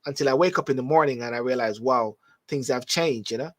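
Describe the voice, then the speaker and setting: A man's voice: mid-range voice, brisk. A Jamaican man hosting a live-streamed call-in talk show, talking animatedly, repeating words as he reads out viewer comments. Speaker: host.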